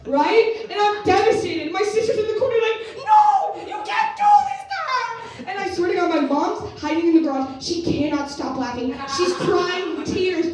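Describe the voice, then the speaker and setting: A young woman comedian telling a story at a live show, animated and swearing, acting out her family's voices. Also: extremely high pitch, moderate pace, few pauses. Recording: echoey room from far off the mic.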